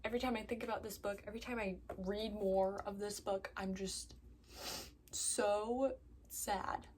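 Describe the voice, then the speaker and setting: A woman talking casually to camera about a book, upset and close to tears. Her voice sits at a middling pitch and keeps sinking into soft whispers before climbing into exasperated bursts. A faint hiss sits behind her. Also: steady tone, unhurried. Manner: emotional, drifting between soft whispers and exasperated outbursts. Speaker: book vlogger. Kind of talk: reading vlog, casual talk to camera.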